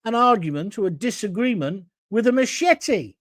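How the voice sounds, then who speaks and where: A middle-aged man delivers a blunt, indignant monologue as the sole host of a talk show, speaking expressively at a moderate pace. His voice is high for a man and swings widely in pitch. The recording is dry and close, with no echo and little room sound.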